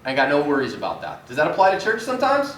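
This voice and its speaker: A man's voice: fairly high pitch, wildly swooping pitch, racing, fairly bright tone. A man in his forties teaching a self-defense class, talking in a conversational, storytelling way to a live group. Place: church meeting room. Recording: echoey room, distant mic, faint noise.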